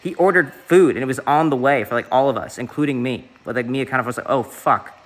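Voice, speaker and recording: Young streamer dude from the southeast, rambles and swears a lot, mid voice. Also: male voice, medium pitch, fast. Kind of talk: casual stream chat.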